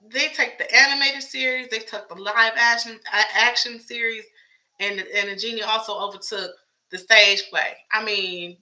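A woman talks through her theories in a loose, chatty vlog, stacking up rhetorical questions as she goes. Her voice is very bright and a little strained. She sits at a middle pitch for a woman. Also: poor audio. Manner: chatty, wondering aloud, many rhetorical questions. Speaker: show commentator. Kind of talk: casual fan commentary vlog.

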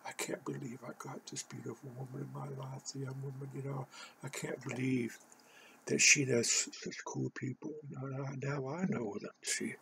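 An older man from California, hoarse, telling a rambling personal story full of "you know". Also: mid-range voice, flat delivery, moderate pace, bright, forceful tone, slight background noise. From Oakland, California.

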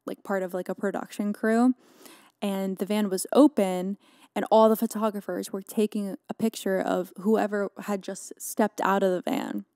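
A woman's voice: mid-range voice, darkish tone, dry recording, clean studio sound. A young woman hosting her podcast, recapping a story in casual, dramatic chat, full of "like" and laughter. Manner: chatty, dramatic, filler-heavy with frequent "like". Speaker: podcast host.

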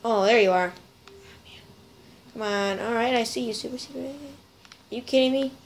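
A woman's voice: a little high, normal speed, a little hiss or hum, poor audio. A woman hosting a gameplay video, chatting playfully to her viewers as she plays. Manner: chatty, playful, talks to viewers while playing. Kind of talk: casual gameplay commentary.

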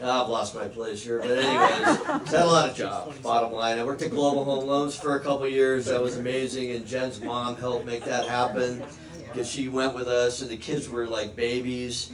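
A man's voice: medium pitch, steady tone, normal speed. A middle-aged American man giving a rambling retirement speech, laughing often and restarting his sentences. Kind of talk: retirement speech, casual storytelling. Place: party room with an audience. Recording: echoey room, distant mic, crowd. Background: crowd chatter and laughter.

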